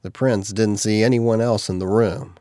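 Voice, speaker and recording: A man reading an audiobook in steady, measured scripted narration. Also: lowish voice, no room sound, studio quality.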